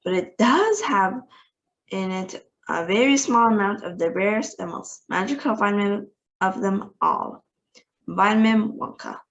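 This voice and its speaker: A woman narrates a children's novel aloud in an expressive, lively way. Her voice sits at a medium pitch. She reads like a storybook host. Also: unhurried, highs cut off. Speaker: storybook reader.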